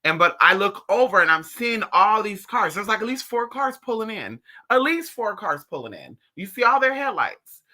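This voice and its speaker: Spiritual teacher doing a casual live stream: sharp, bright voice, lively pitch, profane and animated, with mocking impressions. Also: moderate pace, few pauses.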